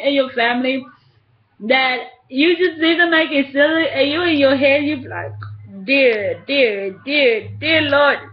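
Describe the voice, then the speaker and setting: Giggly high-voiced woman on webcam. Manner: giggly, playful, breaks into sing-song. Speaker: vlogger. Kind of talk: casual webcam vlog. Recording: dull lo-fi webcam audio.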